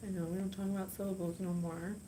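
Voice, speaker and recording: A woman hosting a psychic channel, talking casually and excitably straight to her viewers. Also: lowish voice, fast talker, noisy background. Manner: chatty, bubbly, gushing and excitable. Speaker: psychic podcast host. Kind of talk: casual direct-to-camera talk.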